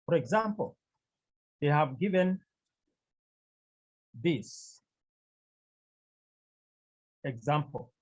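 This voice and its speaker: A man's voice: a little high, expressive, slow, pauses often, a little mellow, breathy edge, lo-fi sound. A man teaching a Greek grammar lesson to a class, repeating key phrases and asking the students questions.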